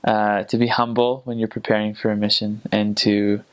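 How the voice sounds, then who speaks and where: A man's voice: on the low side, flat delivery, normal speed, clean tone. Chatty young man, laughs between stories. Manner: chatty, laughs often, many fillers and restarts. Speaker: returned missionary. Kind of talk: casual storytelling.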